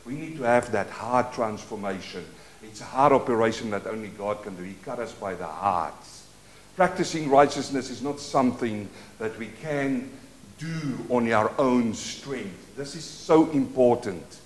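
Emphatic pastor in echoey church. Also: male voice, medium pitch, animated, a little slow, a little hiss or hum. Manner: preaching with call-and-response prompts to the congregation; swings between quiet asides and loud emphatic declarations. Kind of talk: sermon.

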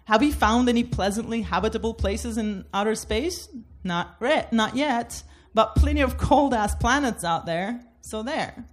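A woman's voice: fairly high pitch, unhurried, few pauses. A woman from Turkey doing a comedic debate bit, laughing through her jokes.

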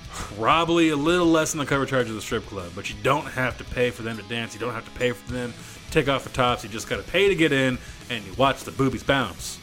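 Bright, lively man in his thirties. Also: sits high. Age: 30s. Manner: rambling, laughing storyteller. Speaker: podcast co-host. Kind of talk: casual podcast banter.

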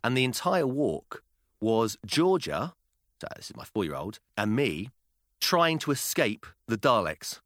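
A British man in his thirties co-hosting a casual podcast, telling animated stories with laughter and acted-out quotes. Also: mid-range voice, unhurried, no room sound, clean studio sound. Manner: animated storyteller, laughing, acting out his kids' lines. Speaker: podcast co-host. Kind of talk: casual chat.

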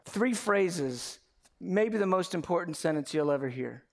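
A man preaching a lively sermon with humor and quick asides. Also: high-pitched, vocal fry, long reverb tail. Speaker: pastor.

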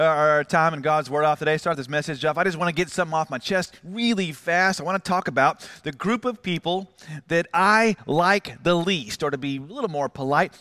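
A man's voice: fairly high pitch, bright, forceful tone. A middle-aged man preaching a sermon as pastor, telling stories with acted quotes and self-mocking humor.

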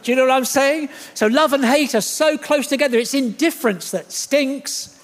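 A man preaching a sermon, his voice sitting high for a man. He is animated and jokey, and he acts out the voices he quotes. A long reverb trails behind him in a church hall. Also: normal speed.

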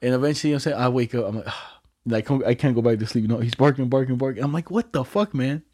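A man's voice: mid-range voice, rapid-fire, darkish tone. A young man telling stories in a casual, slangy chat and laughing often.

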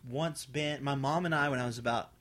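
A woman co-hosting a podcast, chatting casually in an expressive way, laughing often and repeating herself. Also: very deep voice, a little fast. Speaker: podcast co-host. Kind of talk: casual chat.

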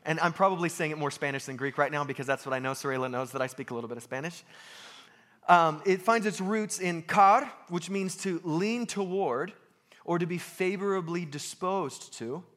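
Lively American man preaching a sermon. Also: on the high side, moderate pace. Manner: lively, self-deprecating, emphatic with repeated phrases. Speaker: pastor.

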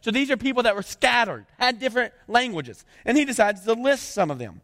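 Speaking briskly, this high-voiced pastor delivers a lively, conversational sermon. Between passages of scripture he breaks off to put things in everyday terms, and a big hall gives his voice a long echo.

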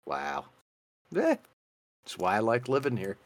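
A man's voice: fairly low pitch, huge pitch swings, a little slow, no echo, studio quality. A man, co-hosting a casual comedy chat and telling stories in a playful, self-mocking way. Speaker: podcast co-host.

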